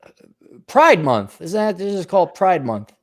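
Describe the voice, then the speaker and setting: A man's voice: high-pitched, big pitch swings, unhurried. A man co-hosting a podcast in casual banter, crude and sarcastic and swearing freely. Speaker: podcast co-host.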